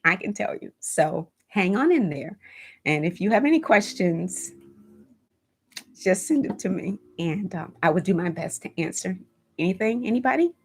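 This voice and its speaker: A woman's voice: lowish voice, sing-song, normal speed, breathy edge. Emotional woman in her fifties on a livestream. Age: 50s. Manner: warm, emotional, reads viewer comments; faith-filled encouraging talk. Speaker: home decor channel host. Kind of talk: casual livestream chat with viewers.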